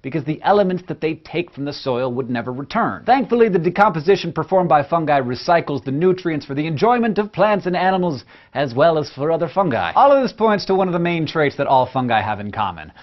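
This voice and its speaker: A man hosting a science lesson, delivering scripted narration in an energetic, playful, emphatic way. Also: fairly high pitch, quick pace, few pauses, dull audio. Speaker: science educator host.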